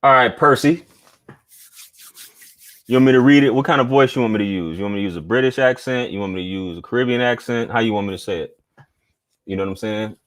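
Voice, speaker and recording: A man's voice: mid-range voice, fast talker, long pauses, a bit bright. A man hosting a casual live stream, talking in a laid-back, slangy way and reading viewer chats aloud.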